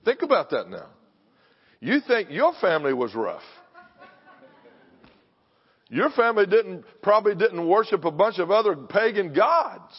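A man's voice: high-pitched, very animated, unhurried, long pauses, husky. An older man preaching a sermon in a punchy, confrontational style, pressing the congregation with questions. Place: church sanctuary. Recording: dull sound with long hall reverb.

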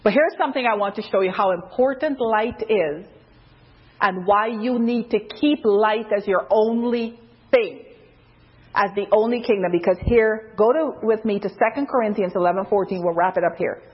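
A woman preaching an informal sermon, loose and conversational, with many fillers, who jumps higher in pitch when she quotes someone. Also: normal speed, slightly rough. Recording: dull lo-fi recording.

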